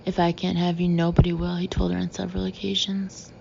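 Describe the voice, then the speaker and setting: A woman narrator voicing a gruff, bitter, middle-aged male detective who talks bluntly and sarcastically. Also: on the low side, little pitch movement, a little fast, dull audio, noisy background.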